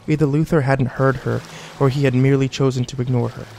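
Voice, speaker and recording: A man reading a scripted horror story in a measured, deliberate way. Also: mid-range voice, fairly even intonation, gravelly, darkish tone. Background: faint background music.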